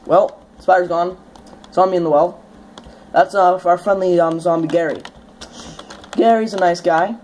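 Excitable young woman commenting on gameplay. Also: fairly low pitch, a little slow, pauses often, a little hiss or hum. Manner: chatty and excitable, swears, bursts into sudden shrieks when startled. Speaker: let's play host.

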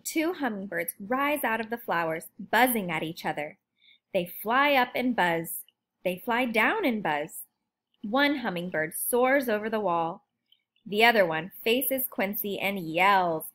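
Brief: woman narrator for a kids' picture book, slow and animated. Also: medium pitch. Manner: expressive, lively reading. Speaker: storybook narrator. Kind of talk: children's storybook read-aloud.

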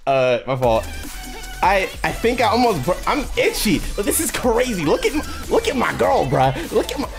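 A man hosting a reaction video on his home setup, talking through a headset, hyped and breathless, his voice jumping high with excitement. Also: normal speed, creaky, over music.

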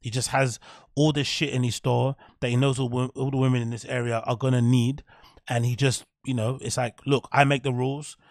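A man's voice: mid-range voice, flat delivery, a little fast, gravelly, darkish tone, dry recording, studio quality. A man hosting a podcast, reacting bluntly and with profanity to a news clip in a casual commentary style. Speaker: podcast host.

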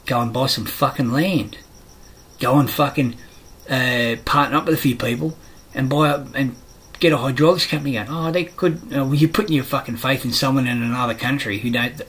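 A man's voice: medium pitch, steady tone, a little fast, a bit bright, rough recording. Swearing Australian man ranting. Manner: heavy swearing, blunt and aggrieved. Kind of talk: rambling profane monologue.

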